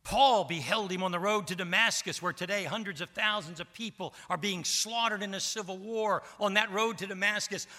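Male pastor, emphatic sermon, high voice, very bright tone, long hall reverb. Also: normal speed, hardly any pauses. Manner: emphatic, asks the congregation for responses.

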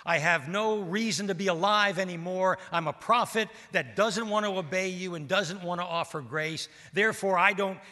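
A man's voice: high-pitched, moderate pace, few pauses, sharp tone, long reverb tail, voice pushed up. A man voicing a bitter, despairing male prophet who begs to die, speaking in a pleading way with heavy emphasis.

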